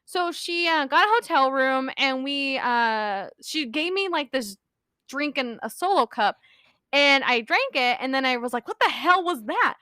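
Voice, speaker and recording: A young woman chats on a podcast in a high, bright, sharp voice, rambling through a story and giggling mid-sentence. The sound is close and dry, with no room around it. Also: animated, unhurried, dry recording. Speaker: podcast co-host. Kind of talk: casual storytelling chat.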